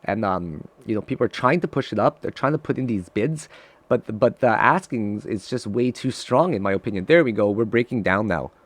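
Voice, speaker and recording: A man giving live trading commentary to his viewers, excitable and profane, swinging from loud frustrated outbursts to low muttering. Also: fairly quick, no room sound. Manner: talks straight to viewers, calling them guys. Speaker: day trader streaming live trades.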